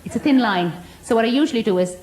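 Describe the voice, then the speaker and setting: A woman's voice: on the high side, animated, fast talker, a little mellow, slight background noise. An Irish woman comedian doing cheeky, chatty banter with a live audience on a theatre stage. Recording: echoey live theatre with music.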